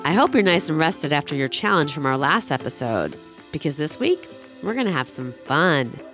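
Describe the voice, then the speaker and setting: A woman's voice: low voice, sing-song, moderate pace, a bit bright, faint music behind. Upbeat woman hosting a podcast. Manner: upbeat and enthusiastic. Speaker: podcast host.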